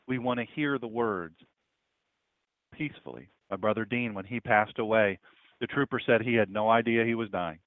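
A man's voice: medium pitch, no echo. Man preaching over a tinny, dry line. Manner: dramatic swings between loud and hushed. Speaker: pastor. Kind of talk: sermon storytelling.

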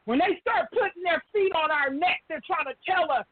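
A woman's voice: sits high, lively intonation, fairly quick, few pauses, no room sound. A woman calling into a talk show, speaking with impassioned, preaching conviction. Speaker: caller. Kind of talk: emotional call-in talk. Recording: phone line.

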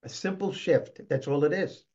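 Older man, guest speaker, emphatic and upbeat, a bit high-pitched, dull lo-fi sound. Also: normal speed, a little mellow. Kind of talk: conversational interview. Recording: dull lo-fi recording.

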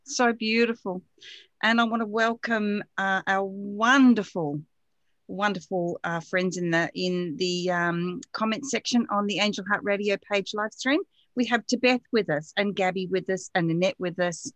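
A woman hosts a live-streamed radio show and greets commenters by name, gushing, with hesitant fillers. Her voice sits at a middle pitch, and the sound is dry and close. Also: normal speed, a bit bright, no room sound.

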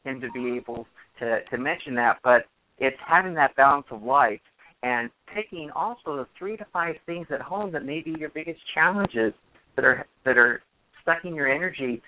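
A man speaks as a business consultant, earnest and steady as he explains his advice. The sound is thin and phone-like, with a faint hiss underneath it. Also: mid-range voice, moderate pace. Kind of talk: casual panel talk. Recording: tinny phone line with faint noise.

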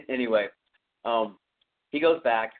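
Male podcast host, loose rambling film recap at home, average pitch, phone-quality sound. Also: slow. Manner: rambling, many fillers, conversational. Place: home room with a cat.

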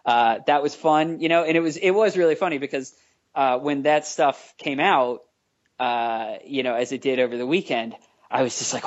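Man, podcast guest, comic writer, halting restarts, dry sarcasm, higher voice, muffled lo-fi sound. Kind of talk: casual podcast interview.

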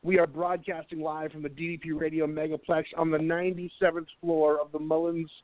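A man's voice: a little high, little pitch movement, brisk, no room sound. A man hosting a live internet radio show, chatting casually and energetically with frequent restarts. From North Carolina. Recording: tinny phone-like line.

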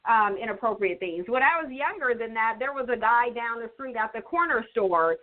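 A woman's voice: fairly high pitch, lively intonation, moderate pace. A woman co-hosting a talk show, speaking earnestly and measuredly about her own experiences. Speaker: co-host. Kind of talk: personal, opinionated talk show discussion. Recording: tinny phone-line sound.

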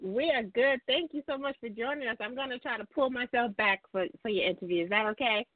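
A woman from Alabama co-hosting a casual online interview, friendly and quick to laugh. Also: a little high, dry recording. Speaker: co-host. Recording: tinny phone-like call audio, dry.

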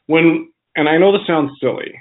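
A man co-hosting a podcast, telling a folk tale in a relaxed, chatty way with frequent restarts. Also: fairly high pitch, moderate pace. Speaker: podcast co-host. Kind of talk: casual storytelling chat. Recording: phone-like narrow sound.

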